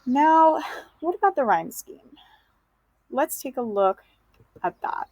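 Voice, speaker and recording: A woman's voice: sits high, big pitch swings, slow pace, darkish tone. A woman teaching a lesson on poetry, explaining step by step in a patient way and checking in with the listener often. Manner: patient, checks in with okay and right.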